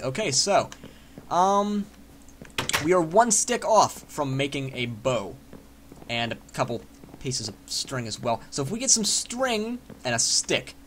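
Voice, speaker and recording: Excitable man narrating his gameplay. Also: fairly high pitch, slight background noise. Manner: excitable, self-mocking, swears casually. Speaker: gaming channel host. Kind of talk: let's play commentary.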